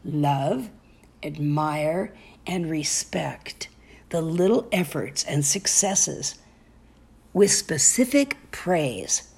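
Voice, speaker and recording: A middle-aged woman hosting a parenting advice talk, speaking softly and slowly, often dropping to a whisper. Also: low-pitched, lively intonation, vocal fry, slightly rough. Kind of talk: gentle spoken advice monologue.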